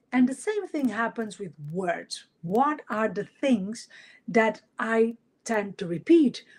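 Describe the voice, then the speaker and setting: Woman in her late 40s, coach chatting on a live podcast, kinda high voice, lots of ums and restarts, laughs a lot. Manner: warm, chatty, with frequent fillers and restarts; laughs often while telling stories. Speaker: life coach.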